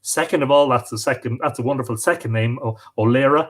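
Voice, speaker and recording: A man's voice: mid-range voice, quick pace. Chatty man hosting a live stream. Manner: chatty, reads out viewer comments warmly. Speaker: host. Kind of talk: live stream greeting viewers.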